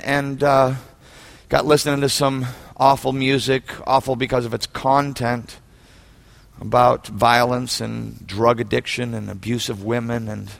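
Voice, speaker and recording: A man preaching a sermon as pastor, telling stories with shouted peaks and soft hushed asides. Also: medium pitch, creaky.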